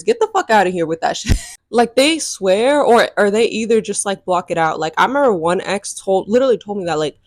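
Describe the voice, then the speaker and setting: A young adult woman telling a dating story to camera in a sassy, animated way, laughing often and swearing freely. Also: mid-range voice, brisk, dry recording, studio quality. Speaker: vlogger. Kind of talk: casual storytime chat.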